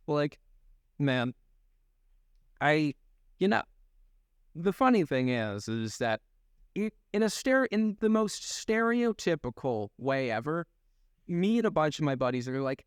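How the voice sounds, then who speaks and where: A young man chats casually as a podcast co-host, his fairly high voice swinging widely in pitch as he jokes and laughs. The sound is dry and close to the mic. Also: very animated, takes it slowly, pauses often, dry recording. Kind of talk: casual chat.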